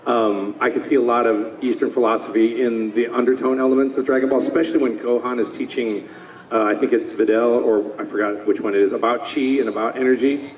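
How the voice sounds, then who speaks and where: A man's voice: medium pitch, fairly even intonation, a little mellow, slight background noise. Voice actor guy in his 50s at a con panel, eager, does little voices, echoey room, kinda far from the mic. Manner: enthusiastic, slips into quick character voices. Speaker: voice actor guest. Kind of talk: convention panel talk. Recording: roomy hall, mic from afar.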